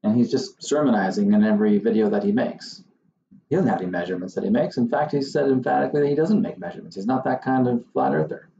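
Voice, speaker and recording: A man's voice: medium pitch, expressive, fast, vocal fry, warm tone, echoey room, lo-fi sound, a little hiss or hum. A man who hosts his own channel as a surveyor, talking casually to the camera in a wry, exasperated way. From Southern Maine. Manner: wry, exasperated, mocking impressions of others.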